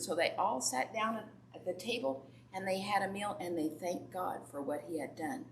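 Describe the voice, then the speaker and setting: A woman's voice: mid-range voice, moderate pace, gravelly, few pauses. A woman Sunday school teacher telling a Bible story to children and asking them questions. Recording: echoey room from far off, faint background noise.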